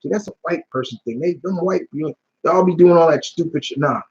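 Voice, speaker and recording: This man is hosting a live Q&A stream in a slightly high voice with a breathy edge, talking fairly quickly. He answers chat questions casually, spinning rambling, slangy stories full of restarts. The sound is lo-fi.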